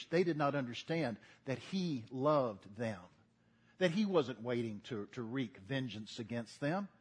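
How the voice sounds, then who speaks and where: A man's voice: medium pitch, breathy edge. An older man preaching a sermon, folksy and earnest, building to emphatic repetition. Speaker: pastor.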